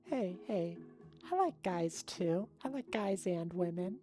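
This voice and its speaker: A woman's voice: on the low side, animated, takes it slowly, mellow, faint music behind. A young woman streaming live, chatting casually with her viewers in a bubbly way and laughing often.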